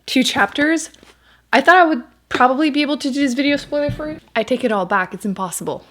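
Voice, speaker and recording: A woman's voice: a little high, fairly bright tone. A young woman book vlogger chatting casually, giggly and full of fillers. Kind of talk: casual reading vlog chat.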